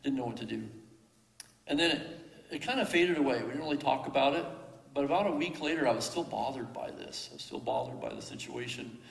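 A middle-aged man with a gravelly edge to his voice tells a personal story, halting and reflective, full of "uh"s and restarts. His voice rings through a roomy hall with a long, lingering reverb. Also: medium pitch, sing-song. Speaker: father telling a personal story.

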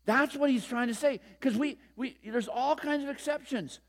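An older male pastor delivers a sermon in a high-pitched voice. He talks conversationally, leans hard on key points and keeps asking the congregation questions. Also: normal speed. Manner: conversational, emphatic, asks the room questions.

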